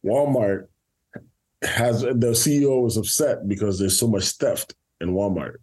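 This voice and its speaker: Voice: medium pitch, unhurried, darkish tone, slightly rough. A podcast co-host in casual chat who mostly backs up the guest with short replies and laughs along.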